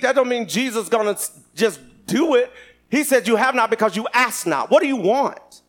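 High-voiced animated male preacher. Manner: animated, shouting at peaks, laughing. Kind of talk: sermon.

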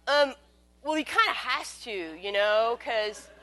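A woman telling a personal story as a monologue, wry and candid, swinging between loud bursts and hushed asides. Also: on the high side, animated, takes it slowly.

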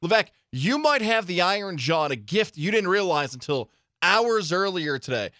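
A man with a slightly high, very lively voice that swings up and down as he teases his co-host in casual chat. He fires off quick follow-up questions. The sound is dry and close. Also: dry recording. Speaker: sports radio co-host.

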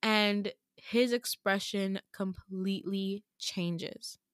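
A woman's voice: mid-range voice, fairly even intonation, takes it slowly, no room sound, clean studio sound. A woman host casually retelling a dream story in a chatty, filler-heavy way. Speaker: podcast host.

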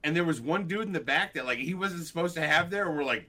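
A man in casual chat, loud and profane, cracking jokes. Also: fairly high pitch, animated, fast. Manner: loud, profane, jokey interjections.

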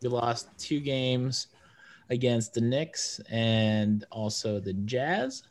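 A man's voice: medium pitch, takes it slowly, slight background noise. A young man co-hosting a casual sports podcast, talking loosely with many fillers. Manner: rambling, lots of fillers. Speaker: podcast co-host.

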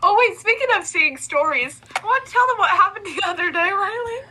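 A woman's voice: very high-pitched, lively intonation, fairly quick, pushed and bright, slight background noise. A woman co-hosting a podcast in casual chat, joking playfully. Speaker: podcast co-host.

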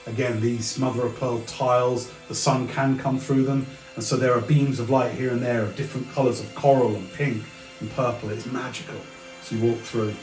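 A man narrating a tabletop game as game master, slow and descriptive, sometimes stopping to find a word. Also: mid-range voice, little pitch movement, a little mellow, reverberant, soft background music, rough recording.

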